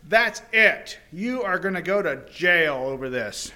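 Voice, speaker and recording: A man's voice: high-pitched, expressive, measured pace, bright, forceful tone, full character voice. A man playing a furious grasping servant. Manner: harsh, demanding. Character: angry, grasping servant demanding a debt.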